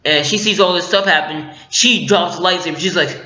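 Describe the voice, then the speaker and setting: A man's voice: sits high, fairly quick, bright, forceful tone. A man giving a casual, rambling movie review with lots of filler words, recorded on a dull lo-fi mic in an echoey room.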